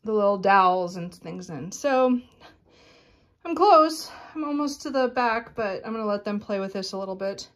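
A woman's voice: medium pitch, lively intonation, moderate pace. Chatty woman filming a home vlog. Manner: chatty, rambling, frequent fillers. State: out of breath. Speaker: vlogger. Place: home bedroom closet.

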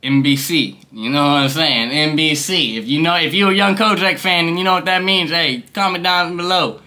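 A young man vlogging at home, high and rambling in loose slang, laughing often. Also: moderate pace, sharp tone. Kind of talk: casual stoned review vlog. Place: his room.

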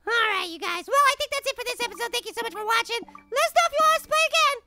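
A woman voicing a tiny, childlike cartoon apple who gives giddy gameplay commentary, laughing a lot and shouting silly catchphrases at the game. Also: very high-pitched, animated, very fast. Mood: excited. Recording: game music playing behind the voice. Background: game music and sound effects.

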